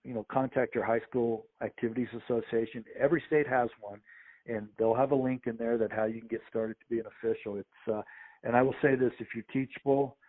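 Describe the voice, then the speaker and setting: Guy swapping ref stories, mid pitch, sounds like it's coming through a phone. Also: a little fast. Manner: animated anecdotes with quoted voices. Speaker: sports official, podcast guest. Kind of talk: storytelling interview. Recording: phone-like narrow audio.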